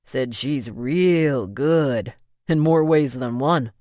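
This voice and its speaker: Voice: mid-range voice, takes it slowly, a little mellow, no room sound, studio quality, close to an everyday voice. A narrator voicing a blunt young man who manages a restaurant and swears casually, read in an audiobook. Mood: teasing.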